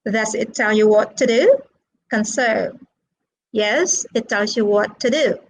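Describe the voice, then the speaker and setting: A woman teaching an online English lesson, asking the class questions in a slow, drawn-out teaching manner. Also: on the high side, poor audio.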